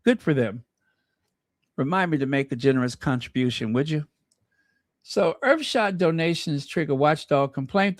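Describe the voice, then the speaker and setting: A man's voice: on the high side, dry recording, studio quality. A man hosting a commentary channel, reading news aloud with chatty, sarcastic asides to his viewers. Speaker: royal commentary channel host.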